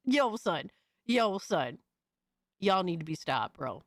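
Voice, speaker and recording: A woman streamer reacting to clips live, with loud, incredulous exclaiming and cursing. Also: mid-range voice, very animated, slow, pauses often, dry recording, studio quality. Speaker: streamer host.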